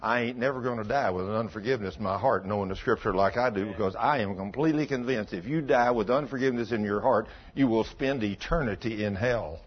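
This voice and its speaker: A man's voice: lowish voice, fast, few pauses, slightly rough, dull audio. A man preaching a sermon in a folksy storytelling way, acting out both sides of past conversations. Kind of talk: sermon with acted-out dialogue.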